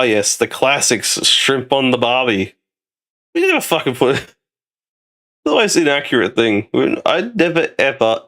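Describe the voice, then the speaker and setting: A man's voice: medium pitch, creaky, fairly bright tone. A man with an Australian accent, hosting a loose, rambling casual chat stream and swearing now and then. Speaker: streamer host.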